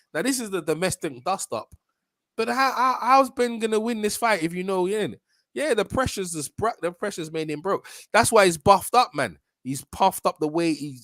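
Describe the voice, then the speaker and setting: A man hosts a casual boxing livestream, fast-talking, slangy and repetitive. His voice sits a little high for a man. The sound is dry and close to the mic. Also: no echo. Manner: animated, slangy, repeats himself.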